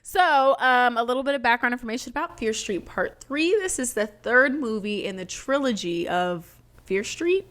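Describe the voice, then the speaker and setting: A woman's voice: a little high, expressive, a bit bright. Joking young woman co-hosting reviews. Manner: quick joking reactions, reads out review scores. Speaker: movie review co-host. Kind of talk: casual chat.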